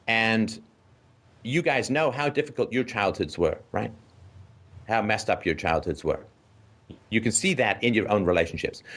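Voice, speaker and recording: Speaking in a fairly low register, a male call-in show host lectures a caller with blunt, forceful advice. His emphatic rant is packed with swearing and vivid imagery, and he keeps tossing in "right?" to check in.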